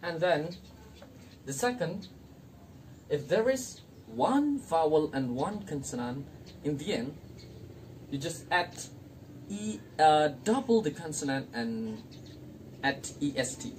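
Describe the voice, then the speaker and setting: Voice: medium pitch, expressive, takes it slowly, pauses often, darkish tone. A young student teacher from Indonesia explaining an English grammar lesson, repeating each example word and using non-native grammar. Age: young adult. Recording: distant mic, faint noise.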